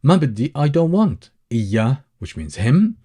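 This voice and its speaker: Mellow, husky male Arabic tutor. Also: medium pitch, sing-song. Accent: Levantine Arabic. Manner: slow, explains step by step with many uh fillers. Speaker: Arabic teacher. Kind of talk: language lesson explanation.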